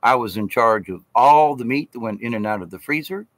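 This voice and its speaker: A man's voice: medium pitch, animated, fairly quick, no echo. A man telling a story in a casual vlog. He rambles from point to point and hits his words with emphasis. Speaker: vlogger.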